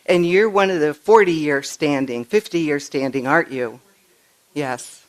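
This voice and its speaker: An older woman minister giving a conversational sermon, telling stories in an animated way and often stumbling over and restarting her words. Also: deep voice, a little slow. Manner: chatty, animated storytelling with frequent restarts. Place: church sanctuary.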